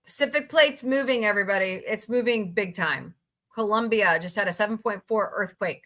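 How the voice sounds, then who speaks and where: A woman livestream host runs a casual live chat from the United States, reading headlines aloud, greeting viewers, and reacting out loud as she scrolls. She's chatty and laughs often, speaking fairly quickly in a mid-range, fairly bright voice.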